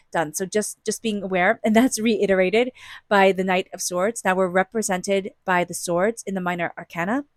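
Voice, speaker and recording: A woman's voice: medium pitch, a little mellow, no echo. A woman giving a casual weekly tarot reading, chatty with lots of fillers, acting out inner voices as quotes. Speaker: tarot reader.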